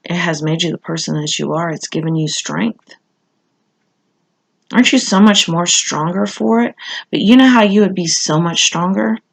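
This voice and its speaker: A woman's voice: fairly low pitch, gravelly, a bit bright. Conversational woman reading tarot. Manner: conversational, frequent fillers and asides. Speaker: tarot reader. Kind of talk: casual tarot reading monologue.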